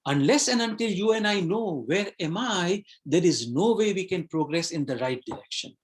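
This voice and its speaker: A man's voice: high-pitched, expressive, a little fast. A man hosting a live online webinar as a coach. He talks reflectively, asks the audience questions and often repeats words.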